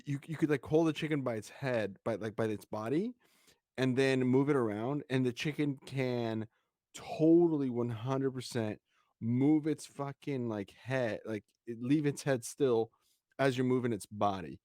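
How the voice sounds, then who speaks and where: A young man hosting a podcast over a video call, chatting casually and excitedly with a lot of swearing and filler. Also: mid-range voice, unhurried, dry recording, clean studio sound. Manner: excitable, swears freely, says "bro" and "like" a lot. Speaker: podcast host. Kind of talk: casual chat.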